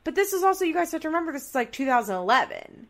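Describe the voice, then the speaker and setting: A woman's voice: high voice, sing-song, rapid-fire, a bit bright. Chatty woman talking through a story. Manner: chatty, many fillers, talks through hunches. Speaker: podcast co-host. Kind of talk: casual chat.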